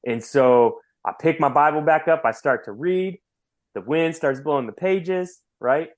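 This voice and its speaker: A man who is a podcast guest, telling his personal testimony in an earnest, animated way and often repeating words as he goes. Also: on the high side, unhurried.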